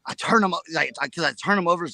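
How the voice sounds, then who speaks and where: A man co-hosting a casual live chat, telling a story in an excitable, rambling way and repeating his words. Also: a little high, rapid-fire, creaky, no echo. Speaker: reseller show co-host.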